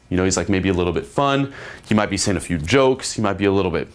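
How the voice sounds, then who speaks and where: Emphatic lower-voiced male dating coach. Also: expressive, fast. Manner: acts out women's replies in raised voices; emphatic, repeats "okay?". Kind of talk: instructional monologue.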